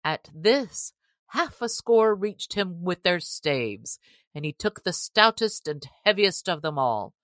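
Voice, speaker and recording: Female audiobook narrator, unhurried and expressive, bright tone, dry close recording. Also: lowish voice, dry recording. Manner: measured, expressive reading. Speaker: audiobook reader.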